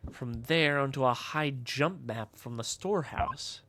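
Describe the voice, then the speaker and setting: A man's voice: medium pitch, a little slow, noisy background. A man streaming a game live, chatting casually and wryly with some swearing while reading dialogue aloud. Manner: casual, profane, wry. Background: game music.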